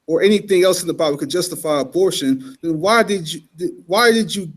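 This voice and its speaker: A man co-hosting a casual debate who presses the other man with quick, pointed questions. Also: sits high.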